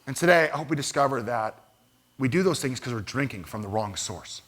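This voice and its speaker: A man's voice: mid-range voice, lively intonation, fairly quick, fairly bright tone. A man preaching a sermon as pastor, conversational and storytelling, with self-deprecating humor. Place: church sanctuary.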